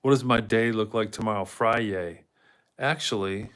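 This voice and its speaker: A man's voice: lowish voice, moderate pace, a bit bright. A man hosting a casual livestream in a rambling way, reading out chat comments and talking to his dog now and then. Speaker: livestream host.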